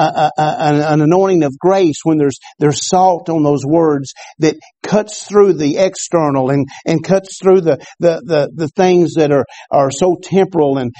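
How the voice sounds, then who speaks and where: A man preaches a sermon in church. He often stumbles over repeated words and calls out to the congregation for agreement. His voice sits a little high but sounds mellow, and the recording is dry and close. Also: no room sound. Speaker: pastor.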